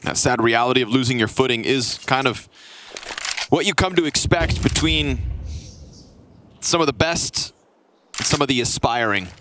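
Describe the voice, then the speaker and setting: A man doing live play-by-play esports commentary, with rapid calls that build to shouts at big plays. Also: medium pitch, background noise.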